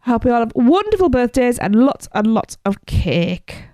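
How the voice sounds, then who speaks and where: A woman's voice: a little high, normal speed, no echo, clean studio sound. Bubbly woman co-hosting a podcast. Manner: bubbly, lively announcer of birthdays. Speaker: podcast co-host. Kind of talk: casual chat.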